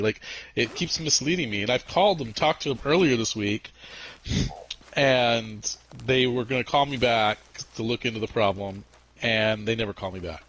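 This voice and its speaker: A man chatting casually while gaming with friends, swearing often and telling stories in an animated way. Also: mid-range voice, normal speed, poor audio. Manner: profane, animated storytelling. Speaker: gamer playing with friends.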